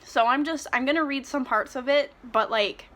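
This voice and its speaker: A woman giving a ranting book review, retelling scenes in an animated, sarcastic way and swearing freely. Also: sits high, moderate pace.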